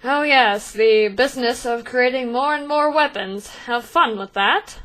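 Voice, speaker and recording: A huffy royal groundskeeper, voiced by a woman, answers with dry sarcasm and a sigh in his voice. The voice is bright and fairly high. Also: measured pace, low-quality recording. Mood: sarcastic. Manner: sarcastic, eye-rolling.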